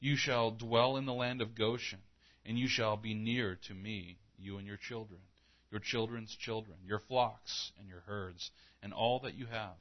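Male pastor, low voice, earnest conversational preaching, slightly dull lo-fi recording. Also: steady tone, a little slow. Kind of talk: sermon.

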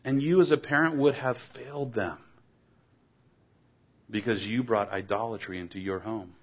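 A man's voice: fairly low pitch, moderate pace, breathy edge. A man preaching a sermon, earnest and exhorting, asking his listeners pointed rhetorical questions. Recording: dull lo-fi recording.

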